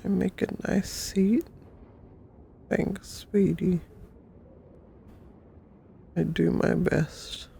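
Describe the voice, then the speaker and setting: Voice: medium pitch, steady tone, very slow, creaky, pauses often, dark tone, a little hiss or hum. A livestreamer in sleepy, teasing casual chat, greeting viewers.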